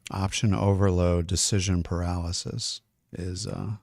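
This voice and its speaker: A man's voice: low-pitched, fairly even intonation, unhurried, vocal fry, a little mellow, dry recording. A man, a music producer, chatting casually and rambling as he masters a song live, swearing now and then. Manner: talks while chewing. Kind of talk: casual livestream talk while mastering.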